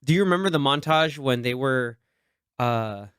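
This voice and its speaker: A man's voice: mid-range voice, normal speed, clear, resonant tone, no echo, clean studio sound. A man hosting a podcast, chatting casually and animatedly about movies and acting out favorite lines. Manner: animated, quotes film lines in put-on voices. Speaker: podcast host.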